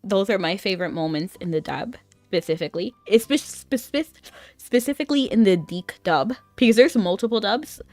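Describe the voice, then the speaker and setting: A woman's voice: medium pitch, expressive, moderate pace, darkish tone, no echo, soft background music. A young adult woman chatting casually on a gaming stream, rambling along with lots of "like". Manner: chatty and rambling, with frequent filler "like". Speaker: VTuber streamer.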